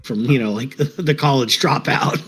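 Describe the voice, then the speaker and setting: A man's voice: medium pitch, unhurried, fairly bright tone, breathy edge. A man co-hosting a podcast in casual chat, cracking crude jokes, swearing and laughing at his own lines. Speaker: podcast co-host.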